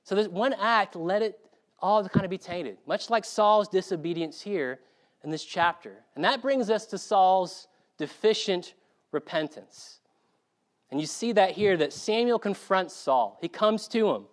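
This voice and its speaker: A male preacher from South Carolina delivering a sermon and telling a story in an animated way. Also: sits high, unhurried.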